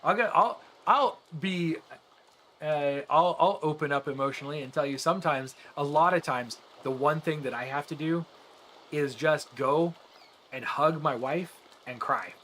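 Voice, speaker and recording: A man's voice: a little high, a little slow, a bit bright, a little hiss or hum. A man streaming a game and chatting earnestly with his viewers, rambling with frequent restarts. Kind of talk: casual chat with live viewers while gaming.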